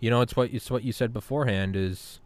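A man in his thirties hosting a podcast, telling stories in an animated, casual way, swearing freely and repeating words. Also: medium pitch, fast, no echo. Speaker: podcast host. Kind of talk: casual storytelling chat.

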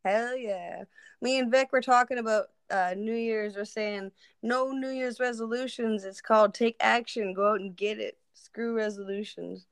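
A woman's voice: fairly high pitch, steady tone, normal speed, clear, resonant tone, dry recording. A young woman chatting casually and bluntly, swearing freely and laughing often. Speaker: co-host of a live audio chat. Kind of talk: casual chat.

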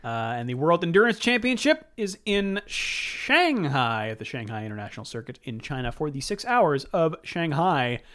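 Higher-voiced man, deadpan puns. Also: normal speed, hardly any pauses. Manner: deadpan punning, mock-announcer segment reads. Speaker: podcast host. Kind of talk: casual chat.

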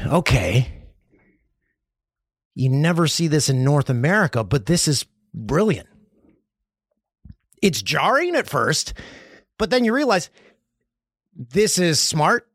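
With a voice on the high side, this Canadian podcast host rambles through jokey stories in a loose comedic monologue full of lively swings. The sound is dry and studio quality.

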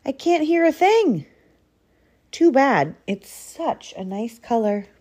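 A gruff, grumpy old badger from a storybook who can barely hear, as a woman reading aloud puts him on. His lines sit higher than a badger's would, with lively swings. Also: slow, heavily acted. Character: grumpy, hard-of-hearing old male badger.

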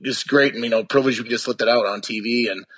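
Young man, husky voice, rambling, lots of restarts, casual interview guest. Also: mid-range voice, steady tone, rapid-fire, fairly bright tone. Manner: rambling, with many restarts and fillers.

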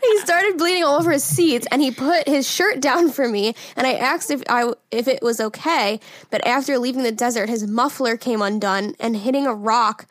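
A woman's voice: fairly high pitch, normal speed, hardly any pauses, no room sound. A woman in her twenties with a New York accent, co-hosting a casual podcast, telling stories and reading listener emails, laughing often and swearing freely. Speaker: podcast co-host.

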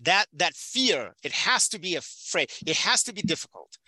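Bright, emphatic man from the Soviet Union. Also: high-pitched, very animated, normal speed, no room sound, low-quality recording. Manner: emphatic, passionate, repeats for stress. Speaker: podcast guest, prison volunteer teacher. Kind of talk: casual conversational interview.

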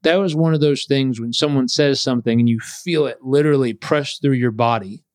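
A man telling a personal story as an interview guest, animated and acting out what others said. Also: medium pitch, brisk, no echo, clean studio sound.

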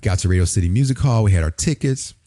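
A man from Springfield, Illinois, telling a lively story in casual talk and acting out the voices of the people in it. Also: lowish voice, fast talker, dry recording, clean studio sound. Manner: animated storyteller, acts out quoted voices. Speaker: podcast guest.

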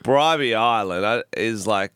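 Male comic, low, smooth voice; crude podcast banter. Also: unhurried, a bit bright, no echo, clean studio sound. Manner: crude, joking storytelling. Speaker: comedian and podcast co-host. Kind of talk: casual banter. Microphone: headphones and studio mic.

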